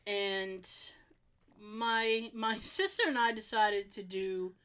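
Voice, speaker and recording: A woman's voice: medium pitch, steady tone, takes it slowly, fairly bright tone, smooth. A woman co-hosting a podcast, telling a story in casual chat with frequent laughs and fillers. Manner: chatty storyteller, laughs often, many fillers. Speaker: podcast co-host.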